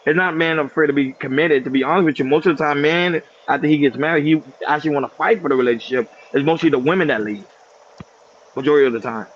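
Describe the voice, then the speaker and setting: A man's voice: a little high, fast talker, slight background noise. A man earnestly explaining his view in a casual podcast chat. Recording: slightly muffled recording.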